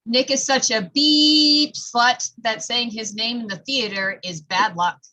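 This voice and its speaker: A woman with a slightly high, very bright voice plays a comedy insult game over a video call. She is cheeky and playful, and her voice has a sharp edge. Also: a little slow, poor audio. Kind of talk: improvised comic insult.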